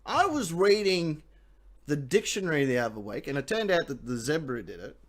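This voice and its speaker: Running a live quiz with casual banter, this Australian host jokes around, laughs a lot and swears without restraint. He speaks at a moderate pace in a fairly high voice full of big pitch swings.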